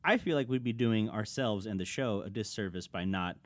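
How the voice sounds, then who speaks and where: A young man from Texas co-hosting a podcast, chatting casually and telling lively stories. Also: lowish voice, brisk, dry recording. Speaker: podcast co-host. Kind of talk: casual chat.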